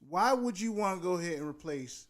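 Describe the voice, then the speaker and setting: A man's voice: high-pitched, animated, fairly quick. A man co-hosting a casual podcast chat, ranting with passion and often repeating himself. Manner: impassioned, ranting, repeats "go ahead". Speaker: podcast co-host.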